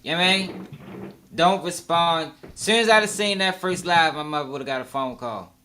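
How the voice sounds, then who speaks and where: A man's voice: on the high side, moderate pace, sharp tone. A man giving casual, slangy live reaction commentary, talking freely and laughing along. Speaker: reaction streamer.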